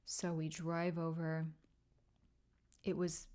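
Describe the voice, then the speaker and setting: A woman podcast host telling a personal story in a soft, halting, tearful way, often dropping to a whisper. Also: sits low, level tone. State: emotional, near tears. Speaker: podcast host and grief coach. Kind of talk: personal solo podcast monologue.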